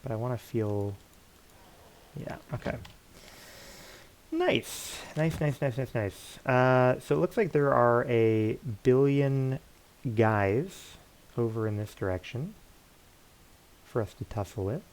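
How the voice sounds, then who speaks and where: A man's voice: mid-range voice, slow, long pauses, a little mellow, slight background noise. Playful male game streamer. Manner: playful, jokey asides. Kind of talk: casual gameplay commentary.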